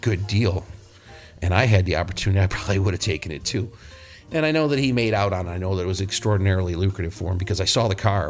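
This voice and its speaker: A male podcast host who works as a mechanic, telling blunt, profane, rambling shop stories. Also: deep voice. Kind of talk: casual podcast storytelling.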